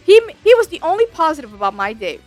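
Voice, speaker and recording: A woman's voice: very high-pitched, fast, dry recording, soft background music. A woman VTuber telling a story in a casual, slangy rant, swearing freely. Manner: animated, slangy, swears a lot.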